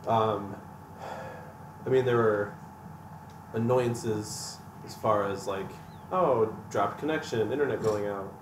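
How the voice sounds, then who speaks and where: A low-voiced man talks in a relaxed, rambling way on a gaming podcast. He is miked from a distance in an echoey room. Noise is clear behind him. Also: takes it slowly, long pauses. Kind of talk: casual chat.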